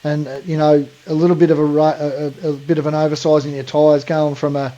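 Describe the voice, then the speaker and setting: A man's voice: on the high side, flat delivery, a little fast, dark tone, dull audio. An Australian man co-hosting a podcast, talking bluntly in casual chat and calling people mate. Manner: blunt, ranting, says mate a lot. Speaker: podcast co-host.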